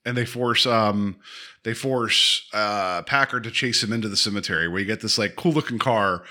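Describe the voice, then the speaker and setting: A man co-hosting a podcast, recapping a movie in a rambling, animated way. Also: lowish voice, moderate pace. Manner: rambling, animated, acts out scenes in character voices. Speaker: podcast co-host. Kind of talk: casual movie-review chat.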